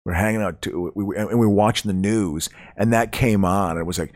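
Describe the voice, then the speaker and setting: Man, low voice, lively up and down, rambling, stammering restarts, dry sound. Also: fast talker, no room sound. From not from Chicago. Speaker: comedian, podcast co-host. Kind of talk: casual podcast chat.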